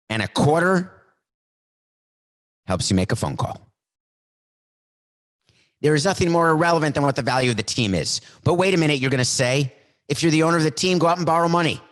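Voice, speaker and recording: A male sports podcast host delivering a solo monologue with a mid-range voice. He talks in a worked-up, animated way, jumping into mock skits to make his point. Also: mid-range voice.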